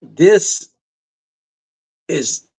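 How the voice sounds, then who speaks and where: A man's voice: drawn-out words, dark tone, low-quality recording. A middle-aged man hosting a live sports podcast, rambling and emphatic, repeating his points. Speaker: podcast host. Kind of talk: casual sports talk.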